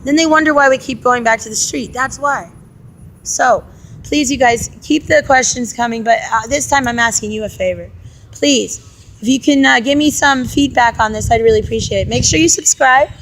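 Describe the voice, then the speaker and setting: A young woman with a high voice talks straight to her viewers in a casual vlog. She tells her story in an exasperated, animated way, full of frustration and pleas for feedback. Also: moderate pace, slight background noise. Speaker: vlogger.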